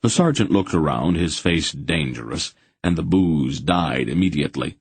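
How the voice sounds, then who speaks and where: A man's voice: rumbling low, expressive, moderate pace, slightly rough, dry recording. A man narrating a fantasy audiobook, putting on voices for the many characters.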